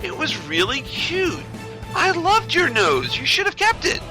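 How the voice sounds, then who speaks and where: A man's voice: very high voice, huge pitch swings, over music, pitched above the performer's own voice, full character voice. A man with an American accent reading the part of a freshly regenerated Doctor in a podcast read-through, fussy and puzzled. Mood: quizzical. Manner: read aloud from a script, quick and quizzical.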